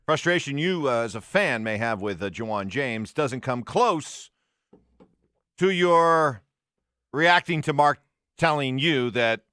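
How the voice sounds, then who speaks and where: Give me a male sports radio host in his fifties reading listener texts, teasing, lively pitch, dry studio mic. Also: takes it slowly, clean tone, no echo.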